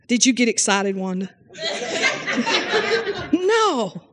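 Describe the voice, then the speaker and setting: A woman's voice: on the high side, animated, moderate pace, a little hiss or hum. A woman Bible teacher preaching a fervent sermon in folksy language, often exclaiming hallelujah and amen and questioning her listeners directly. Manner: questions listeners directly and calls on them by name; folksy, homespun phrasing.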